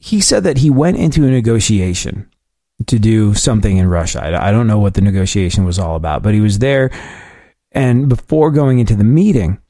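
A man hosting a radio-style talk show, telling long family anecdotes in a casual, animated way. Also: brisk, dry recording, clean studio sound. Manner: animated anecdote-telling, quotes his dad in a lower voice. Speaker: host. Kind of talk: casual storytelling chat.

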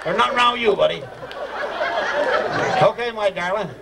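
A man's voice: high-pitched, normal speed, creaky, heavy background noise. A man with a Newfoundland accent leading a rowdy ceremony, joking and laughing with the people he is teasing. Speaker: screech-in ceremony leader. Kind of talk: joking crowd banter. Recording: far mic over a loud crowd.

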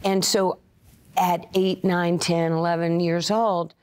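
An older woman from Queens, telling stories as an interview guest, animated and full of fillers and quoted asides. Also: on the low side, takes it slowly, smooth. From Queens, New York. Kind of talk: casual interview storytelling.

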